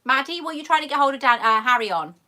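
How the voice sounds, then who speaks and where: A woman's voice: high-pitched, animated, racing, pushed and bright. A woman hosting a casual live chat, reading viewer comments aloud and calling people darling. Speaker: YouTube host answering live chat questions.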